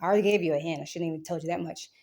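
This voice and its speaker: A woman's voice: sits low, rapid-fire, dark tone. A woman giving a rambling, defensive account of a dispute, swearing often and restarting her sentences.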